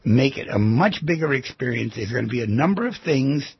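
A man's voice: mid-range voice, expressive, fairly quick, dry recording. A man hosting an advice talk show, speaking emphatically and directly to his listeners. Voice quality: gravelly, husky voice. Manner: emphatic, repetitive, direct address. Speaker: radio host. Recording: dull lo-fi sound.

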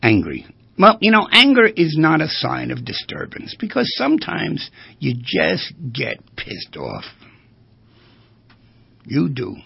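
Male therapist giving a lecture-style talk, raised pitch, gravelly and husky, quite dry audio. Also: takes it slowly, no echo. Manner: animated, asks rhetorical questions. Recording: dull lo-fi recording.

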